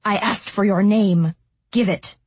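A woman's voice: medium pitch, fairly even intonation, a little slow, darkish tone, breathy edge, dry recording. A woman voicing a proud, hot-tempered young male duke who speaks with defiance and venom in a storybook reading. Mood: defiant.

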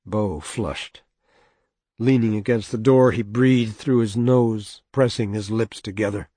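Husky-voiced man reading a novel aloud. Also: lowish voice, unhurried, dark tone, no room sound. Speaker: audiobook narrator. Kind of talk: scripted narration.

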